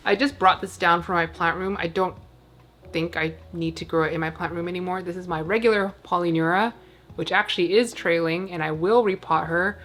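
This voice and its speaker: A woman's voice: lowish voice, fairly even intonation, brisk, fairly bright tone. A woman chatting casually at home while tending her plants, rambling along with plenty of fillers. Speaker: plant vlogger.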